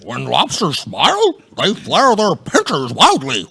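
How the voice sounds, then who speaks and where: A performer voicing an eager, stammering lobster detective in an improvised comedy audio play, with a creaky, husky voice. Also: medium pitch, wildly swooping pitch, measured pace, pushed and bright, heavily acted. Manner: stammering, nervous.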